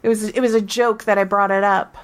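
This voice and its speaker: A woman co-hosting a casual game podcast, telling her story with emphatic, animated restarts. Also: medium pitch, brisk. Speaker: podcast co-host.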